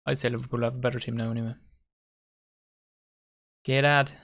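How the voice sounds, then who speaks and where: A man hosts a live match watchalong at a medium pitch. He calls the play in a casual, chatty way and banters with his mates and viewers as the game unfolds. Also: monotone, very fast. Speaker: watchalong host.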